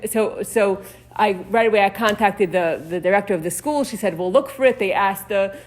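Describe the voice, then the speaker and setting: A middle-aged woman leading a Torah discussion class, talking casually and halting with many restarts. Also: medium pitch.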